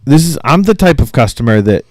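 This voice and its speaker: A man's voice: medium pitch, very animated, a little fast, darkish tone, dry recording, clean studio sound. A man in his late thirties from Maine, co-hosting a podcast, telling a profane story and acting out both sides of it. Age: late 30s. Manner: ranting, swears constantly, acts out both sides of a story. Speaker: podcast co-host.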